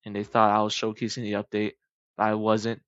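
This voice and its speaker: A young man rambling casually to his YouTube viewers, jumping into high squeaky voices for the people in his made-up stories. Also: monotone, fairly quick, fairly bright tone, dry recording, highs cut off.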